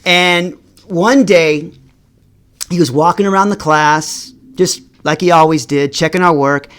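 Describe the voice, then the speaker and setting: A middle-aged man tells a personal story to his vlog audience. He speaks in halting stretches, repeats words, and his voice rises and falls in pitch and loudness. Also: steady tone, clear, resonant tone. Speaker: vlogger.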